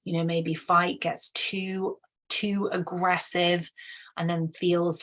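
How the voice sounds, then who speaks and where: A woman's voice: on the low side, level tone, slow, a bit bright. A woman explaining relationship conflict in a casual, thoughtful way, often restarting and briefly acting out what people say. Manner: thoughtful, acts out quoted voices, many restarts. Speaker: relationship educator.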